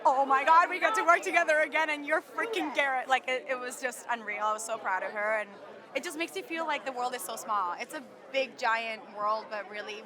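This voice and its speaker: A woman from Canada, an actress gushing about her film in a red carpet interview outdoors. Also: on the high side. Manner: bubbly, gushing, lots of "like". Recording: loud crowd noise outdoors. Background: crowd chatter.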